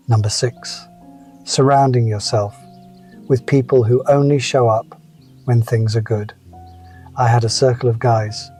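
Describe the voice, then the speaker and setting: With a dark-toned, mid-range voice, a man in his 70s gives a scripted motivational talk. He shares personal stories that are wry and reflective.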